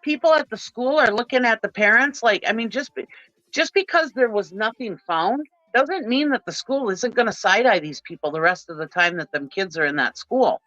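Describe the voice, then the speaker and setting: A woman's voice: fairly high pitch, expressive, normal speed, a bit bright, no echo, highs cut off. Ranting middle-aged woman. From Minnesota. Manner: impassioned, ranting. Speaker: panel guest. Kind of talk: livestream panel chat.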